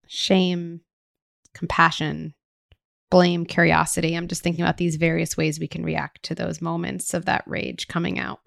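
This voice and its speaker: A woman hosting a podcast who speaks thoughtfully and explains ideas clearly. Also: on the low side, little pitch movement, normal speed, no echo, clean studio sound. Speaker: podcast host. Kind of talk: conversational interview.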